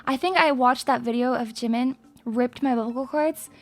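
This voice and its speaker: High-pitched hyper woman streamer. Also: normal speed. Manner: hyper, rambling and crude. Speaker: VTuber streamer. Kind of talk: casual live-stream chat.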